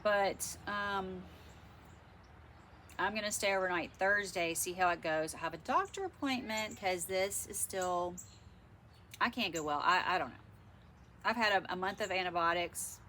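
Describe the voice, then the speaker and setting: A woman's voice: lowish voice, measured pace, pauses often, sharp tone, slight background noise. Congested woman venting to camera. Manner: frank, rambling, exasperated. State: congested, stuffy nose. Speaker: vlogger. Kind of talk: casual chat to camera.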